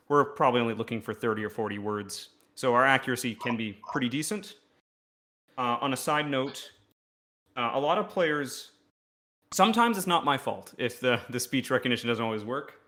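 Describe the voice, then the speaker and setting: A man's voice: medium pitch, pushed and bright. A man, an indie game developer, explaining his work in a casual podcast interview, self-deprecating.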